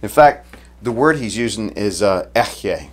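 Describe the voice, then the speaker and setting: A man preaching a sermon in a relaxed, conversational way, retelling the story casually and often restarting his sentences. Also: lowish voice, a little slow. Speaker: pastor.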